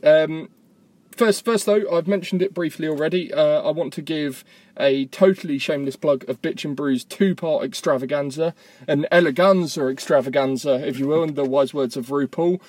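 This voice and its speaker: Chatty man with a brightish voice. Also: a little high, normal speed. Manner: rambling, self-mocking, chatty. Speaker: podcast host. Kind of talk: casual podcast chat. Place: parked car. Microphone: tablet voice memo app.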